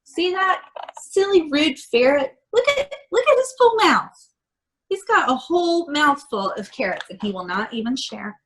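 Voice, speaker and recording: Animated woman reading to kids. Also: high voice, unhurried, slight background noise, low-quality recording. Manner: animated, chatty, laughs often. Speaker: storybook reader. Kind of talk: reading a picture book aloud to children.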